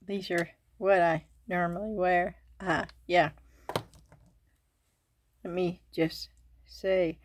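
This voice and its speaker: Slow-talking Southern woman, chatty craft host. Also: lowish voice, slight background noise. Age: older. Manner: chatty, giggly, addresses viewers as y'all. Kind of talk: casual unboxing chat.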